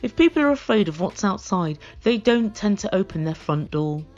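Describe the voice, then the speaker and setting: A woman's voice: mid-range voice, sing-song, normal speed, darkish tone, highs cut off. A woman giving a comedic recap of a reality show in a blunt, sarcastic, mocking way. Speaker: reality TV reviewer.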